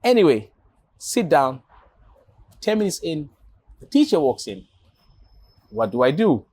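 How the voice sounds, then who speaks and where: A man from Africa telling a lively story as an interview guest, acting out voices and laughing often. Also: on the high side, measured pace, breathy edge. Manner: animated, acts out dialogue, laughs often. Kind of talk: casual storytelling.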